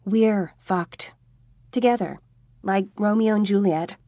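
A woman's voice: medium pitch, takes it slowly, dark tone, dry recording, clean studio sound. A woman voicing a young female vampire who is wry, teasing and dryly amused in an audiobook.

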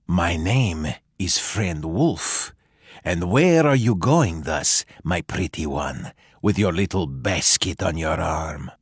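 A man's voice: lively intonation, husky, no echo, studio quality, exaggerated voice. A man doing a sly, coaxing big bad wolf. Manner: slow, low and coaxing. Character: sly hungry male wolf, smooth-talking.

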